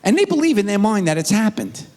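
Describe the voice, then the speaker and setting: A man's voice: sits high, fast talker. A middle-aged man doing stand-up comedy, telling stories and putting on his kids' voices. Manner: animated storytelling with voiced impressions of his kids. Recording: theater recording with long hall reverb.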